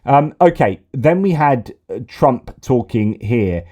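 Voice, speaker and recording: A man's voice: medium pitch, big pitch swings, takes it slowly, dark tone, muffled recording. A man giving sarcastic, exasperated political commentary, often repeating himself. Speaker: news commentator.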